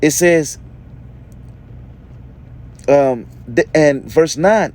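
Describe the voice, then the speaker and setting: Slow and animated, this man's slightly high, darkish voice pauses often as he teaches a sermon. He reads scripture out loud, then explains it with emphasis, saying "okay?" after nearly every point.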